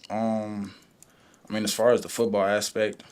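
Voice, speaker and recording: A young man, a college football player, answering press conference questions in a relaxed way, full of "you know" and "um". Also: on the low side, moderate pace, clear, resonant tone. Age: young adult.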